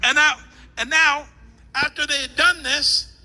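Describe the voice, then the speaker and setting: A man's voice: extremely high pitch, fairly even intonation, unhurried, pushed and bright. A man preaching as a pastor, playfully retelling a scripture story while directing volunteers and joking with the crowd, through a stage mic in a church hall. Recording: long echo in a large hall with faint noise.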